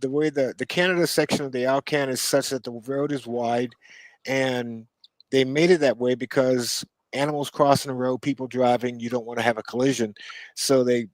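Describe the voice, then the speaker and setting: A man co-hosting a casual podcast chat, telling unhurried stories with asides and chuckles. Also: mid-range voice, steady tone, dry recording, low-quality recording. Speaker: co-host.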